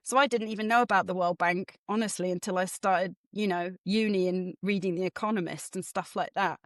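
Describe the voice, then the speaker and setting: A woman from Norfolk, England, with a mixed English and mid-Atlantic twang, talking as an interview guest. She is animated and self-deprecating, at a middle pitch. The recording is dry and close. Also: a little fast, dry recording. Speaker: guest author and development economist. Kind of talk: casual interview chat.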